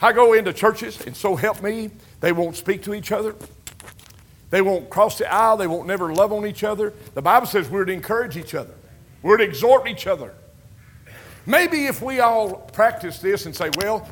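A man's voice: sits high, fairly bright tone. An older man, preaching a folksy sermon, calling out amens and building emphatic lines. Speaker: pastor.

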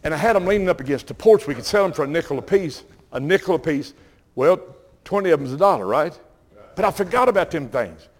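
An older man with a Southern US accent, preaching and telling folksy, animated stories while calling out to the congregation. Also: on the high side, fast talker. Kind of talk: sermon storytelling.

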